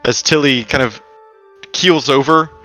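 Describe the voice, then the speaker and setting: A man narrating as game master in a tabletop game, casual and halting with many fillers. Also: medium pitch, pushed and bright, faint music behind.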